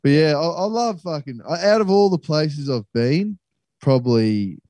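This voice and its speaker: A man's voice: on the high side, lively intonation, normal speed, warm tone, dry recording. A young Australian man telling a travel story in casual, sweary chat. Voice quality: sweary, laid-back storytelling.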